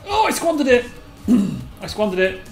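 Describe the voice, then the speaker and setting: A host giving live gameplay commentary, excitable and giggly, squealing a high catchphrase, then muttering quietly to themself. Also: normal speed, creaky. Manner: mutters quietly to self between bursts. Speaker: gaming video host. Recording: roomy echo, faint game music behind.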